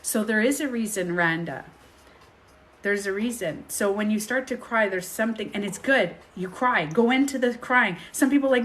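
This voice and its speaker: A woman speaking as a healing coach in a casual coaching talk to viewers, animated and acting out inner voices, reading and answering viewer questions. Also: on the high side, normal speed.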